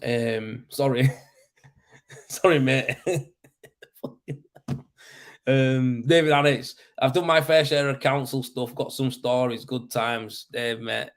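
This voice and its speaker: A man, a plasterer, chatting casually on a live stream and telling work stories, laughing often and swearing freely. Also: medium pitch.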